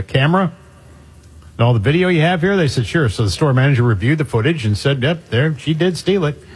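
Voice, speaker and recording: Male radio co-host, husky and wry, reads quirky news with jokes. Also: a little high. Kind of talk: casual radio banter.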